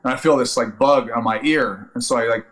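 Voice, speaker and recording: A man in his thirties telling a long, animated, profane story as a guest on a casual podcast chat. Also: medium pitch, brisk. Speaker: podcast guest, actor and Army veteran.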